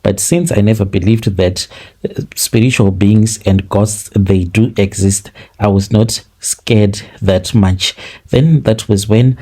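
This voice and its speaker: A man with a Zimbabwean accent narrating a listener's confession in the first person, in an earnest, deliberate retelling that repeats phrases. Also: lowish voice, mellow. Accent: Zimbabwean English.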